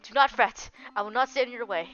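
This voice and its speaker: A woman's voice: a little high, fairly quick, fairly bright tone, close to an everyday voice. A woman voicing a devoted young female knight who speaks in formal, archaic oaths. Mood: solemn. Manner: formal, archaic oath-swearing speech. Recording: dull lo-fi with faint music.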